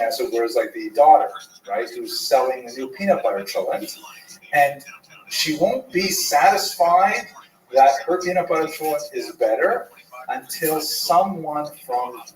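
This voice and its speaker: A man lectures a class, his voice lively and swinging widely in pitch, somewhat high for a man. The sound is roomy, and he is picked up from a distance. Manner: animated storyteller. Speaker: rabbi teaching a class. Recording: roomy, far from the mic.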